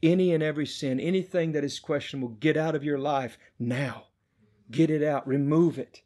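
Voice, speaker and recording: A middle-aged man preaching a sermon, telling a testimony with passion and swinging between hushed and loud delivery. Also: a little high, moderate pace.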